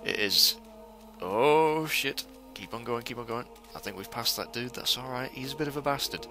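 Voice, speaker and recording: A young man commentating a stealth video game for viewers, excitable and swearing as he plays. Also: mid-range voice, moderate pace. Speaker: gamer playing a stealth game. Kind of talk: let's play commentary. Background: game music.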